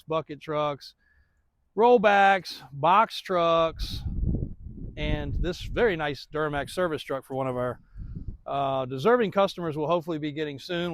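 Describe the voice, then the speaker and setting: A man's voice: fairly high pitch, no echo. A man in his thirties, a truck shop owner, rambling through a casual walkaround update of his lot, laughing often.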